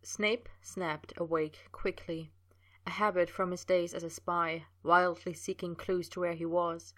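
A woman reading a fan fiction story aloud in steady, unhurried narration. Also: on the low side. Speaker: reader.

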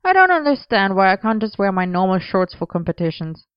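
Female reader doing a whinging, playful young guy dancer, pitched up and pouty, smooth and dry. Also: big pitch swings, fairly quick, dry recording, muffled recording, lightly acted. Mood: whiny. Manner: whinging and teasing.

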